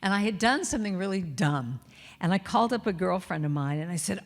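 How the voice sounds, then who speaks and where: A middle-aged woman giving a talk at a church, telling stories and softly singing lines of her chants. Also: on the low side, animated, fairly quick, vocal fry. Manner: warm storytelling, sings lines softly. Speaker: guest speaker and singer. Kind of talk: sermon with sung chants. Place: church sanctuary. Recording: long hall reverb.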